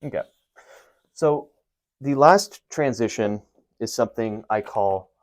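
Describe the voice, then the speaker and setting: A man giving a casual writing lesson, energetic and profane, with rambling asides, sometimes loud and sometimes muttering under his breath. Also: medium pitch, slow pace, long pauses. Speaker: writing teacher. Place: home room writing on a board.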